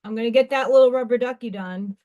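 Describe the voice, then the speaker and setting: A woman hosting a craft livestream, chatting casually and excitedly while she works and talks to herself. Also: a little high, fast talker, highs cut off. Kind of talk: casual live-stream chat while crafting.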